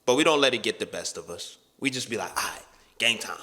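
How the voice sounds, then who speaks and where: A man's voice: lowish voice, expressive, fast talker, pushed and bright. A young man hosting a casual chat, talking in loose slang with emphatic bursts. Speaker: host.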